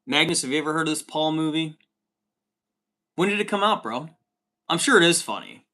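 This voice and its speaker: Reading comments aloud on his livestream, this thirtysomething man talks in a slightly high, sharp voice with lively intonation and a brisk pace. His casual chatter is rambling and profane, peppered with "dude."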